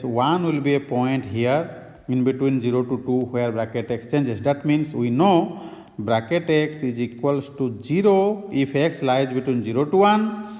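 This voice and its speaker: A man's voice: medium pitch, darkish tone, long reverb tail. A man teaching a math lesson, working through each step in a methodical, repetitive way.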